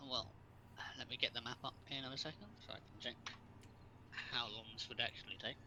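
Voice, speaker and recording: A man's voice: medium pitch, steady tone, a little fast, bright, forceful tone, a little hiss or hum, low-quality recording. A man running a tabletop game, rambling and second-guessing himself aloud. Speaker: game master.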